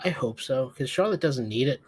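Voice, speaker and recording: A man's voice: medium pitch, expressive, normal speed, a little mellow, slightly rough. A man co-hosting a podcast, giving a sleepy, profane, rambling recap of a wrestling show. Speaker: podcast co-host. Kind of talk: casual wrestling recap chat.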